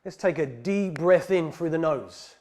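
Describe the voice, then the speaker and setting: A man teaching a guided yoga class, calmly cueing breaths and poses. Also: fairly high pitch, measured pace. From England. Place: heated yoga studio.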